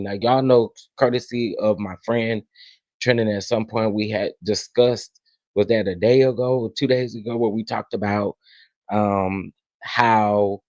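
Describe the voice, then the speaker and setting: A man hosting a casual live stream, greeting chat viewers one by one and sounding irritated, with halting restarts. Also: fairly low pitch, a little mellow, dry recording. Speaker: livestream host. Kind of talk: casual livestream commentary.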